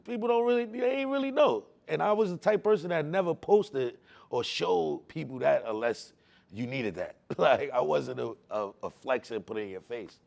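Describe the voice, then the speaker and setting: A man telling his personal faith testimony in casual slang, emotional, repeating words for emphasis, swinging between hushed and loud. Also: fairly high pitch, animated, moderate pace, creaky. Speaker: testimony speaker.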